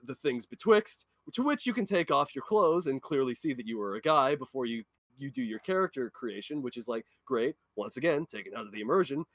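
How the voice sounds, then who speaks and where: A man's voice: a little high, no room sound. A man in a casual podcast chat, passionately ranting about a game. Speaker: podcast co-host or guest.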